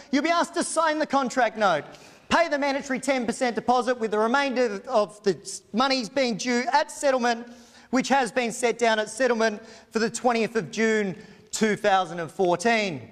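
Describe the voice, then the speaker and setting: High-voiced auctioneer man. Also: a bit bright. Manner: confident, formal, fluent patter. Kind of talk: auction terms and sales pitch. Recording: long hall reverb.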